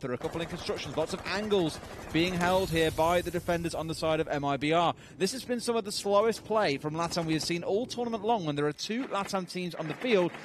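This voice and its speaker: A man giving measured, analytical color commentary on an esports match, explaining tactics at length. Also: fairly high pitch, slight background noise.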